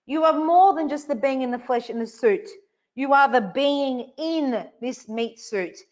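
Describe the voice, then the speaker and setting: A woman's voice: high voice, a little slow, lo-fi sound. A woman hosting a live online coaching session, emphatic and repetitive, swearing casually as she speaks to viewers. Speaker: online event host.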